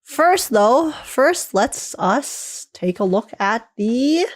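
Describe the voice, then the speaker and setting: A woman streaming live, chatting casually with her viewers, laughing often and restarting her phrases as she goes. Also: fairly high pitch.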